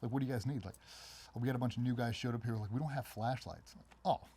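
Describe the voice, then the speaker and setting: A middle-aged man, a former special operations member, telling stories in a casual interview and acting out other people's voices in a much higher pitch. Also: a little hiss or hum. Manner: fast, animated storytelling, acts out quoted voices much higher. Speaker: guest, former Navy SEAL.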